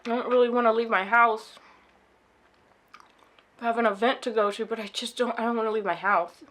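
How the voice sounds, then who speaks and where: A woman with a high voice vlogs from home, still shaken and upset. She tells her story in a rushed, animated way, slipping into the voices of the people she met. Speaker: vlogger. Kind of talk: casual storytelling vlog. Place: at home indoors.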